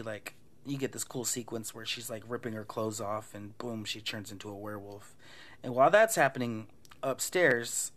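A man's voice: mid-range voice, fairly bright tone. Man casually retelling a film plot. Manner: loose, profane storytelling, acting out the lines. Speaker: podcast host recapping a film. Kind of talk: casual movie recap.

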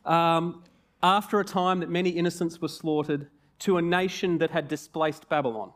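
A man in his forties preaching a sermon in a jokey, conversational and animated way, with asides and rhetorical questions. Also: fairly high pitch.

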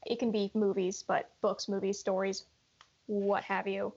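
A woman's voice: mid-range voice, flat delivery, measured pace, darkish tone, slightly rough. A woman co-hosting a casual podcast chat, speaking in a chatty way with many fillers. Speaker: podcast co-host. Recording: dull lo-fi audio.

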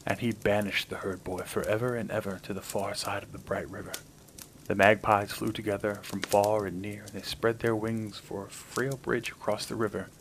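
A man with a low voice narrates an old folk tale aloud, gentle and unhurried. His delivery is calm and storybook-like, and as host he closes by thanking his listeners. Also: a little hiss or hum, low-quality recording.

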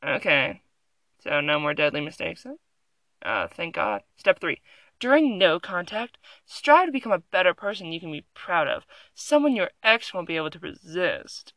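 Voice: medium pitch, sing-song, moderate pace, a bit bright, no echo. A young adult vlogger reading an article aloud at home into a phone, with sarcastic, giggly, rambling commentary. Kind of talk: casual reaction commentary. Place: room at home.

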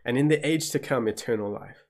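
A man's voice: medium pitch, fairly quick, gravelly, a little mellow. A man with a South African accent preaching a sermon as pastor, telling the story vividly and acting out gasps of shock.

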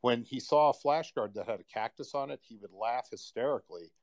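A man's voice: medium pitch, lively intonation, fairly quick. A man on a podcast, telling a personal story in a loose, rambling way with plenty of fillers. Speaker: guest sharing a personal story. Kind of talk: casual podcast conversation.

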